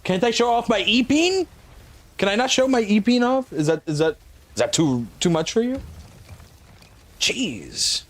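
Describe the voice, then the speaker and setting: A man's voice: high voice, a little slow, pauses often. Laid-back man streaming a game. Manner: laid-back, joking, swears freely; flat, bothered-sounding delivery. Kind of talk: casual live-stream chat while gaming.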